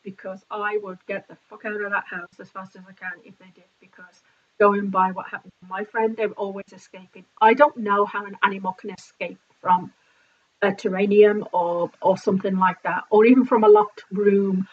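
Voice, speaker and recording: A woman vlogger telling a story in an animated, indignant way, swearing freely. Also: medium pitch, normal speed. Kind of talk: casual storytime vlog. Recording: slightly dull lo-fi sound.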